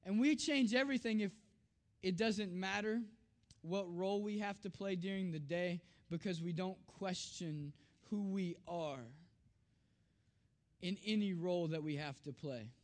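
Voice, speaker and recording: A man preaching in a storytelling style, acting out family dialogue with animated voices and dropping soft and low on tender, reflective lines. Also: unhurried. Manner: animated, acts out his daughter's lines in a raised voice. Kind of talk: storytelling sermon.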